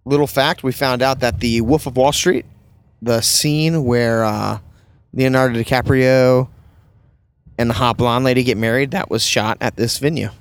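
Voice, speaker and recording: A man hosts a relaxed podcast, chatting about his work as a wedding photographer. He spins anecdotes freely and slips into voices for the people in his stories, at an ordinary middle pitch. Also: moderate pace, clean tone. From Southern United States. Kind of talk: casual chat.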